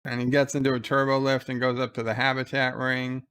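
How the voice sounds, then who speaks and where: Smooth-voiced man recapping an episode live. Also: medium pitch, brisk. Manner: casual retelling, quoting lines in his own voice; excited play-by-play of the scene. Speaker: host of a live episode commentary.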